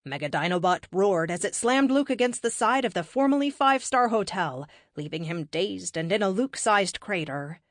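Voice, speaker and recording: A woman reading a science fiction audiobook in an expressive, measured narration, close to the mic. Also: medium pitch, dry recording. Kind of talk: scripted narration.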